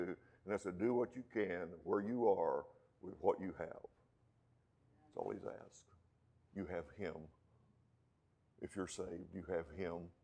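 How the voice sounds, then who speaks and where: A man with a West Texas accent preaching a sermon, dropping to hushed low lines and rising to loud, slowed emphatic peaks. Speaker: pastor.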